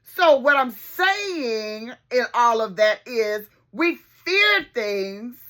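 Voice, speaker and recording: A middle-aged woman, telling a childhood story to her viewers in an animated, folksy way. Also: high voice. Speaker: therapist and video host.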